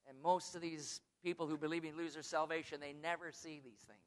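A man preaching a sermon, swinging from quiet asides to loud, high, drawn-out emphasis, who says he is from the United States.

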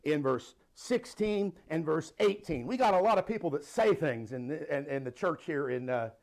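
High-voiced, animated male preacher. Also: normal speed. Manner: animated preaching with laughs and Bible readings. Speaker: pastor. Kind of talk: sermon.

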